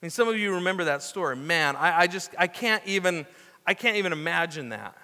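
A man's voice: high-pitched, lively intonation, brisk, pushed and bright, big-room sound. A man preaching a sermon in a conversational way, with restarts and asides as he reads scripture. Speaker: pastor.

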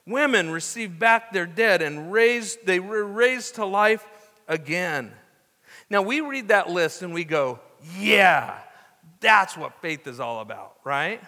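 A man's voice: sits high, expressive, slow, pushed and bright, big-room sound. A man preaching a sermon in a conversational way, with restarts and asides as he reads scripture. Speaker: pastor.

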